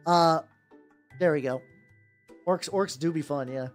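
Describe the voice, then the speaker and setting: A man's voice: high voice, expressive, moderate pace. A man streaming while painting miniatures, chatting casually and stumbling over words as he corrects himself. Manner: rambling, stumbling self-corrections. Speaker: VTuber streamer. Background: soft background music.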